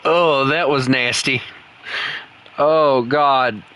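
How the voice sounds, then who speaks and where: Slow-talking man gaming. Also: mid-range voice, steady tone, clean tone, poor audio. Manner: loose, rambling, swings into loud frustrated outbursts. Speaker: gaming streamer. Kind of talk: casual gameplay commentary.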